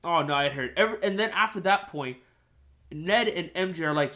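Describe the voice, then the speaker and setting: A young man hosting a podcast, retelling a film scene in an excited, animated, casual way. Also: on the high side, quick pace. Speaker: podcast host. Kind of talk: casual chat.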